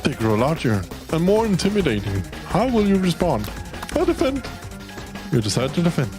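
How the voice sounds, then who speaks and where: A man's voice: on the high side, very animated, a little fast, over music. A man from Denmark streaming a game, reading its text aloud and commenting casually, swearing freely.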